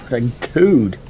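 A man's voice: mid-range voice, background noise. A young man commenting on a horror game as he plays, swearing a lot and yelping when something startles him. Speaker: gameplay streamer. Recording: game music loud behind voice.

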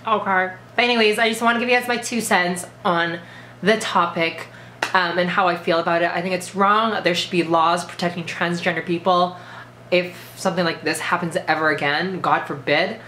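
A woman with a fairly low voice speaks in a casual vlog, emphatic and indignant and leaning on "like" as she talks. Her throat is sore. The recording sounds roomy and echoey, with a faint noise underneath. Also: fairly even intonation, normal speed, sharp tone. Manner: emphatic, indignant, heavy use of "like". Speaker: vlogger.

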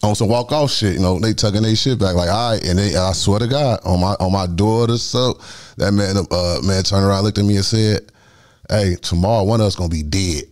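Chicago guy, middle-aged, rapid-fire street storytelling, lowish voice, acts out the voices. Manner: animated, acts out voices, heavy slang. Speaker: guest storyteller.

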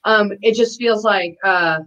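A woman's voice: medium pitch, unhurried. Chatty woman host, dull audio. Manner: warm, laughs often, chatty. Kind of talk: casual chat. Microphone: video call.

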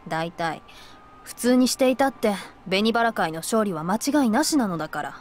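A woman voicing a stern, fast-talking mother. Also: medium pitch, expressive, slight background noise, lightly acted. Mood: cool disapproval. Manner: cold, restrained anger. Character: stern upper-class mother, middle-aged, controlling. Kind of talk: visual novel voice acting.

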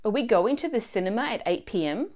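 A woman narrating a scripted language lesson in a clear, expressive teaching manner. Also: medium pitch, quick pace, muffled recording. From Australia.

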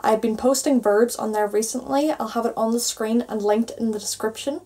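A woman's voice: on the high side, steady tone, normal speed, dark tone. A young Irish woman with an Irish accent giving a patient language lesson, spelling endings out letter by letter. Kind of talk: online grammar lesson.

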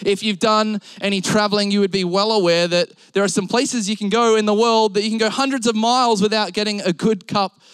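A man's voice: high-pitched, steady tone, a little fast, few pauses, clean tone, dry recording. A young Australian man preaching a sermon, mixing humorous stories with Bible quotes. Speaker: pastor.

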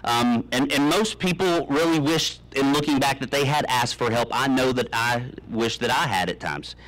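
A man in his thirties giving a humorous commencement speech, telling deadpan tall tales with many ums and uhs. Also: medium pitch, normal speed, poor audio. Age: 30s. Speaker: commencement speaker. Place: graduation ceremony, speaking to an audience.

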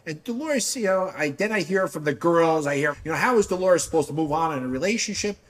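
Animated, rambling man with a lively voice. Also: on the high side, fast. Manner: rambling, repeats "all right?", animated. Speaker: reality show cast member. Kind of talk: casual after-show storytelling.

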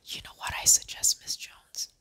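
A reader voicing a gruff, patronizing male policeman in a whispered role-play. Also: moderate pace, bright, forceful tone, dry recording. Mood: soothing. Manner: condescending, soothing.

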